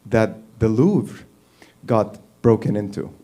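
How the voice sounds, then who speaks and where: A man doing stand-up, ranting in an animated, profane way and laughing at his own jokes. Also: fairly low pitch, takes it slowly. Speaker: stand-up comic. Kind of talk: stand-up comedy rant.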